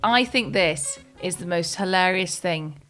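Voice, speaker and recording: A woman's voice: on the low side, measured pace, over music. A woman co-hosting a podcast in casual comedic chat, giggly and enthusiastic. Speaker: podcast co-host.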